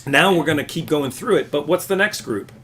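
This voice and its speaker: A man teaching a live classical guitar lesson, explaining patiently and warmly encouraging his student. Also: on the high side, animated, a little fast.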